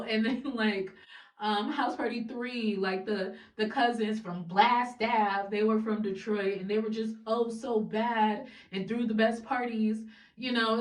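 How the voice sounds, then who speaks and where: A young woman from Ohio, a guest in a casual interview, speaking frankly and swearing freely. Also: mid-range voice. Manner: frank and animated, swears freely, laughs between points. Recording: roomy sound from a distant mic.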